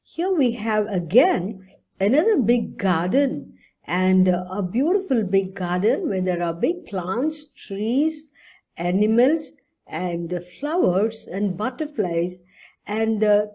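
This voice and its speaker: Mellow-voiced woman teaching children. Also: mid-range voice, big pitch swings, slow. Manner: patient and explanatory, often checks in with "okay?" and "right?". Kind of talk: online English lesson for young children.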